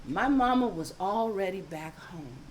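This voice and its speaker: Animated older woman storyteller. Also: medium pitch, unhurried, a little hiss or hum. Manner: animated, expressive, laughing. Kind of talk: live storytelling.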